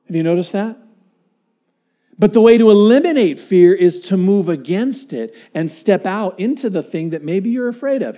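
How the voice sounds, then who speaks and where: A man preaching with a fairly high yet mellow voice. He is earnest and dynamic, sinking to near-whispers and then climbing to emphatic, drawn-out points. He tells stories and acts out what people said. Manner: dynamic, swinging from hushed to emphatic; earnest storytelling with acted-out quotes. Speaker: pastor. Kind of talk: sermon.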